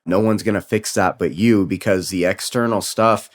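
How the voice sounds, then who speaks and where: Male podcast host, low-pitched, casual solo motivational talk, blunt and unfiltered. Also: steady tone, normal speed. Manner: casual, candid, swears freely.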